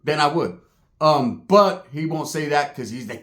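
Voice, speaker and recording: Here a man with a somewhat high, slightly bright voice speaks animatedly but without hurrying. Laughing and swearing, he spins a streetwise story from the street, putting on voices for the other characters.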